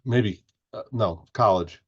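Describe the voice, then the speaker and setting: Podcast guest: low-voiced man, meandering and chatty, dull lo-fi recording. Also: slow pace, slightly rough. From Indiana, US. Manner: rambling, restarts often. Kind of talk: casual interview chat.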